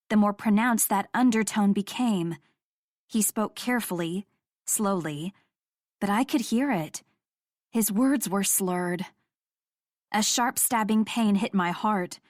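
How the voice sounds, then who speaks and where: A woman's voice: mid-range voice, dry recording, studio quality. Woman narrating a romance audiobook.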